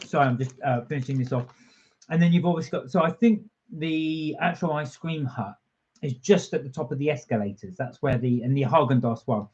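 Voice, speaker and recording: A man's voice: mid-range voice, fairly quick, a little mellow. A man co-hosting a casual live-stream vlog, eager and chatty, talking while snacking and reading out viewer comments. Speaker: vlog co-host. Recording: dull lo-fi home stream audio.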